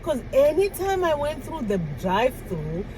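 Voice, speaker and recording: A woman vlogger from outside the US tells stories to camera about learning to talk the way people do in her new country, acting out little dialogues and laughing along. Her high voice is very animated at a moderate pace, over a noisy background.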